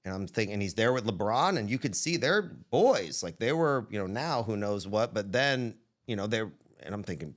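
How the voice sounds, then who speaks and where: Brief: man guest, Texan, lively casual storytelling with voices for quoted people. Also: medium pitch, moderate pace. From Texas. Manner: animated, acts out quoted dialogue. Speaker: guest entrepreneur.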